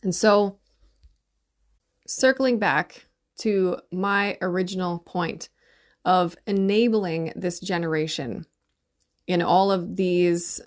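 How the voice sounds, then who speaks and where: This middle-aged woman's lowish voice moves slowly, with long pauses, as she rambles through a casual, opinion-heavy monologue about parenting. Many of her points get a tacked-on "right?".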